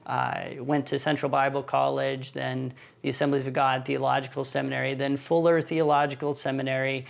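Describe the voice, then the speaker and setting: A man who is a missionary and church planting team leader, telling his story in a relaxed, easygoing way on a podcast. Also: medium pitch, a little fast, gravelly. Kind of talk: casual podcast conversation.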